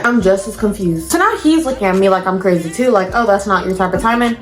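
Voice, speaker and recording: A woman's voice: medium pitch, expressive, quick pace, hardly any pauses, reverberant. A young woman telling a storytime vlog to her viewers in casual slang, addressing them as y'all. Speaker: storytime vlogger.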